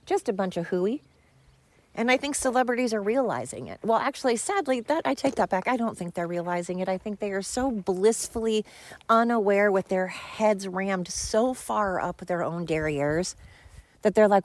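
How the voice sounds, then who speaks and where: A woman's voice: mid-range voice, normal speed, no echo. A woman hosting a solo podcast, ranting bluntly and crudely, rambling with fillers and exasperated asides. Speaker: podcast host. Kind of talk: solo opinion podcast rant.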